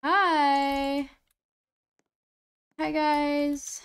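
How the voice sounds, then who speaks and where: A woman's voice: high-pitched, flat delivery, drawn-out words, fairly bright tone. A woman live-streaming a game, chatting casually to her viewers in a rambling, self-deprecating way into a computer mic.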